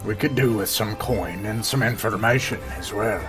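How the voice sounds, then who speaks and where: Low-voiced guy playing at the table, polite questions, fiddle music in the background. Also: moderate pace. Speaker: player. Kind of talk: casual in-character play.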